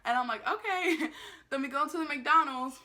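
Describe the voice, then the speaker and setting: A woman's voice: high voice, brisk. A young woman telling a casual storytime vlog, acting out the voices of the people in her story and swearing freely. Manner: animated, acts out quotes, swears freely. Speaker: vlogger.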